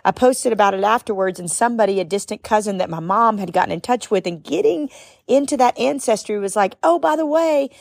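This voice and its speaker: A middle-aged woman hosting a podcast, telling a personal story in an expressive, sometimes tearful way that rises into high exclamations. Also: fast, creaky, dry recording, studio quality. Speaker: podcast host and speaker. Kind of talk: emotional storytelling monologue.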